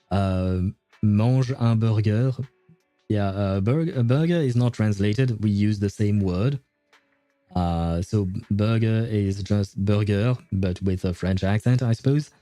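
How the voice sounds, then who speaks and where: Mellow-voiced man chatting on a stream. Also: lowish voice, measured pace, no room sound, faint music behind. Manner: rambling and enthusiastic, many fillers and restarts. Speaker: game streamer. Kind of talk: casual livestream chat answering viewers.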